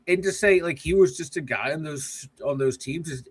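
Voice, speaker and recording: A man's voice: moderate pace, hardly any pauses, breathy edge. A man co-hosting a casual sports podcast, ranting heatedly and swearing a lot. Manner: heated, profane ranting with big pitch swings. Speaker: podcast co-host.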